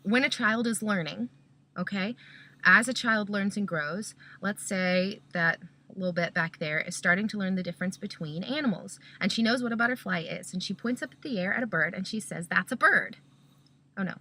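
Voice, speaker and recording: A Christian parent gives a casual teaching talk in a bright, forward, middle-pitched voice at a slightly fast pace. She works through her points one step at a time, repeatedly checking in with "okay?"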